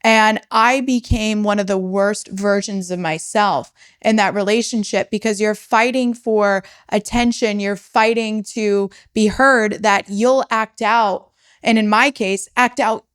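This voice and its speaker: A woman's voice: medium pitch, fairly even intonation, a little slow, clear, resonant tone. A young woman telling her personal story as a podcast guest, frank and swearing freely as she relives it. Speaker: podcast guest, startup founder.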